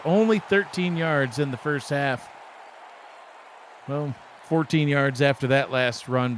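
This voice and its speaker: A man doing sports play-by-play commentary, brisk and full of stats. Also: medium pitch, fairly bright tone, a little hiss or hum. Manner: brisk, stat-heavy play-by-play. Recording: music bed behind the voice. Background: background music.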